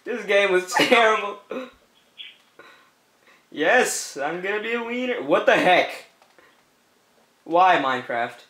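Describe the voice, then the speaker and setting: High, bright, goofy gaming commentator man. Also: animated, takes it slowly, long pauses, echoey room. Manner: laughing, teasing, goofy repeated calls. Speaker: gameplay commentator. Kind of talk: playful let's-play commentary.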